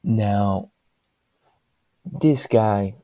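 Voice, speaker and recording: A man's voice: lowish voice, drawn-out words, no echo, phone-quality sound. A man giving his opinions in a casual, rambling monologue that wanders from point to point. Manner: rambling, digressive and plain-spoken.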